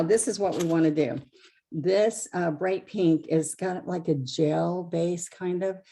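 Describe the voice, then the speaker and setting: Woman, painting instructor, low voice, mellow tone, chatty, self-correcting. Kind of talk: live craft demonstration.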